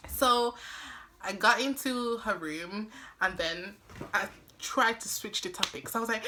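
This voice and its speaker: A young woman vlogger telling a personal story, animated and dramatic, acting out what everyone said. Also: medium pitch, unhurried, slight background noise. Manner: animated, dramatic retelling with acted-out quotes. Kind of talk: storytime vlog.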